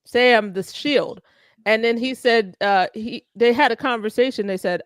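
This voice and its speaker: A woman's voice: fairly high pitch, measured pace, smooth, dry recording, clean studio sound. A woman co-hosting a casual group chat, rambling and trailing off mid-thought.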